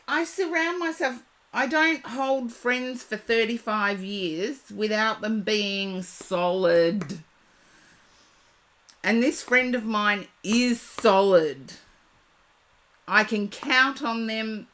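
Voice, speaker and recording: A woman reading tarot live for viewers, chatty and reassuring, talking to them by name, her voice going a little hoarse. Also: a little high, fairly bright tone. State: losing her voice. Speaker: tarot reader.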